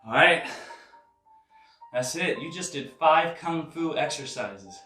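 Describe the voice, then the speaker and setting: A man leading a live kung fu and tai chi workout class, counting reps with sharp exhaled breaths and chatting casually between exercises. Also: fairly high pitch, takes it slowly, reverberant, distant mic, soft background music. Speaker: martial arts instructor.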